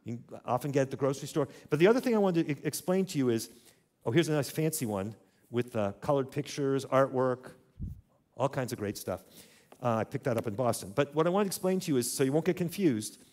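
A man's voice: medium pitch, lively intonation, fairly quick, darkish tone. A man teaching a church audience in a conversational way, asking them to repeat words after him. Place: church hall.

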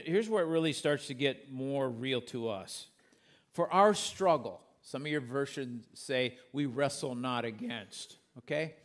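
A male pastor preaching a sermon in a conversational way, reading scripture aloud and explaining it, with the odd corny joke. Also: fairly high pitch.

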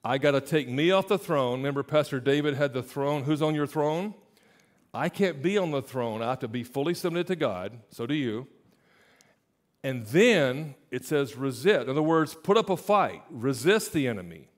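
A man preaching a sermon as pastor, stressing key phrases and slowing down on them. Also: mid-range voice, animated.

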